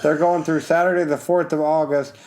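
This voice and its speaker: A man co-hosting a casual game podcast, easygoing, reading out funding details and gently correcting his co-host. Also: a little high, little pitch movement, brisk. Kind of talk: casual chat previewing crowdfunded games.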